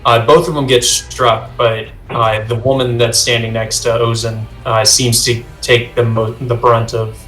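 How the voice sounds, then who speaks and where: A man runs a tabletop game over a video call, describing scenes in a halting way full of fillers. His mid-range voice sounds roomy, with faint music playing underneath. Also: mid-range voice, flat delivery, a bit bright. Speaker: game master.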